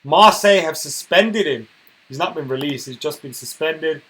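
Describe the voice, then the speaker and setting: A man hosting a casual football live stream, chatting and reading viewer comments aloud, getting loud and worked up when he rants. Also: fairly high pitch, lively intonation, moderate pace, poor audio. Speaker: football channel host reading live chat.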